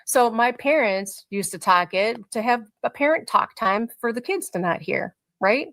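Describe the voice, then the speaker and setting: Creaky-voiced middle-aged mother, rambling. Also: fairly high pitch, lively intonation, normal speed, fairly bright tone, no echo. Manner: rambling, many filler words. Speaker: mother of a teenager, interview guest. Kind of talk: casual livestream interview.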